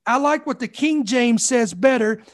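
A man's voice: very high-pitched, moderate pace. A man preaching a sermon with fervor, building up repeated phrases and calling out "come on" to the congregation. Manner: fervent, repetitive preaching with calls of "come on".

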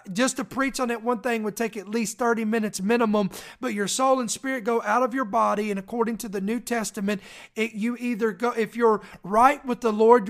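A preacher reading out a news story and then teaching on it, in an emphatic style that calls out to listeners. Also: mid-range voice.

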